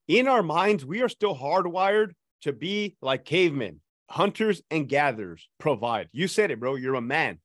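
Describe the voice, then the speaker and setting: A man's voice: a little high, dry recording, clean studio sound. A man as a podcast guest, speaking bluntly and profanely, fired up. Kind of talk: casual podcast chat.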